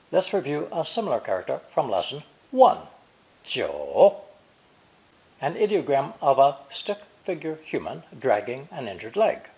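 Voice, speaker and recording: A man narrating a recorded language lesson, explaining slowly and deliberately, with example sentences read in Chinese. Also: medium pitch, darkish tone. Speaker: language teacher.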